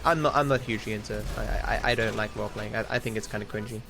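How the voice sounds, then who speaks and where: A man's voice: lowish voice, steady tone, fast talker, creaky. A young Australian man chatting casually while streaming a game, rambling, with candid opinions and frequent restarts. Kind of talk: casual chat while gaming. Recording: game music playing behind.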